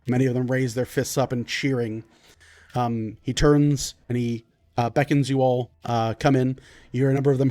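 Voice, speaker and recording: A man's voice: medium pitch, steady tone, mellow, dry recording. Man narrating as game master. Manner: descriptive, unhurried with frequent fillers.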